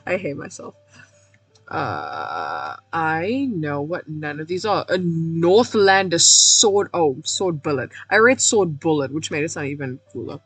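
A woman streaming a game, her voice going hoarse, rambling in a self-mocking way, cracking puns and laughing at herself. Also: low-pitched, very animated, a little slow, dry recording, soft background music. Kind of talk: casual let's-play commentary.

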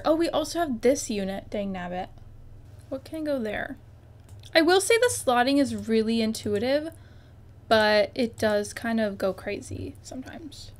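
A young woman chatting casually while playing a life-sim game, bubbly and exclaiming, often talking straight to the objects on screen. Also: sits high. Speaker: gaming YouTuber. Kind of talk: casual gameplay commentary.

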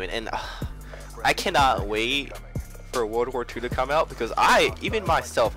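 Young guy hyped up commentating his game, voice jumping all over, beat playing underneath. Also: medium pitch. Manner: excitable, swings between mumbling and yelling. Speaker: gaming video creator. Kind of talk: gameplay commentary. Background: background hip-hop music.

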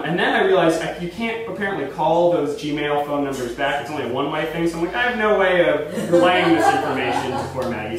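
A young man telling a funny story live on a theater stage, chatty and animated. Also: fairly high pitch. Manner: animated, chatty, full of fillers and restarts. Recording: echoey live stage recording from far off.

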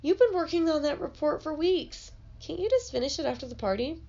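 A woman's voice: high voice, expressive, a little fast, darkish tone, lo-fi sound, voice pushed up. A woman doing a pleading, hurt young boy. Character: hurt young boy whose friend skips his party.

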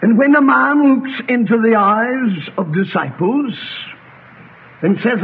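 A man preaching with a high, lively voice that leaps in pitch, slowing right down to linger on each phrase. It comes through a tinny, phone-like old recording with a faint hiss underneath. He swings from ringing cries to hushed, low asides to his congregation. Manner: impassioned preaching with wide swings between loud cries and low quiet asides. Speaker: pastor. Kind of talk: sermon. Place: church congregation. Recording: tinny lo-fi archive sermon recording with faint noise.

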